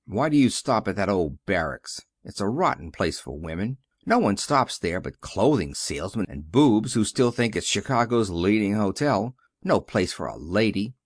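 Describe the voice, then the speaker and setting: A man's voice: very animated, moderate pace, few pauses, dry recording, clean studio sound. A man voicing a sullen teenage boy. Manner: sullen, low and mumbling.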